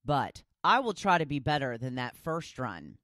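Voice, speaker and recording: A woman's voice: rumbling low, very animated, moderate pace, fairly bright tone, dry recording, studio quality. A woman hosting a daily talk podcast, chatting casually and poking fun at herself. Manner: chatty, self-deprecating, rambling with restarts. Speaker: talk show host.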